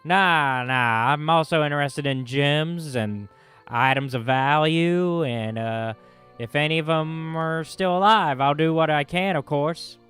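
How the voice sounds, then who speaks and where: A man voicing a gruff, greedy mercenary dwarf with a Southern US accent and a blunt, folksy drawl. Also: a little high, a little slow, a bit bright, soft background music. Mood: defiant.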